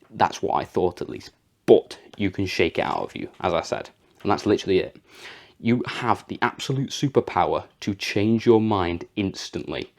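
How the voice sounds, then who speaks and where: A young man talks casually about mindset, rambling through plenty of fillers. His voice sits low and has a gravelly fry, roughened further by a sore throat. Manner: rambling and chatty, with frequent fillers and laughs. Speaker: vlogger. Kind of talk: casual motivational talk to camera.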